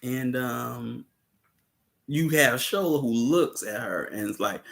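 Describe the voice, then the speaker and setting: A man's voice: medium pitch, measured pace, vocal fry, fairly bright tone. A man hosting a casual livestream about a film, laid-back, laughing often and chatting with viewers. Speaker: host discussing a film.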